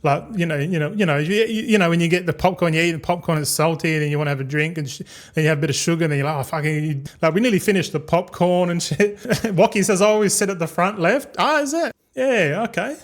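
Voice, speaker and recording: A young man tells a long story in a loose, casual way. His voice sits a little higher than most men's. He stumbles over his words, repeats himself and swears freely. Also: fairly even intonation, fast, hardly any pauses. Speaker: streamer.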